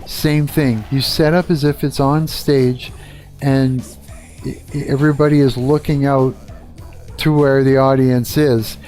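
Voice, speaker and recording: A man's voice: mid-range voice, level tone, measured pace, darkish tone, soft background music. A middle-aged man from Canada, a guitarist hosting a live stream, talking bluntly and swearing a lot in a casual rant. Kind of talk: casual ranting chat.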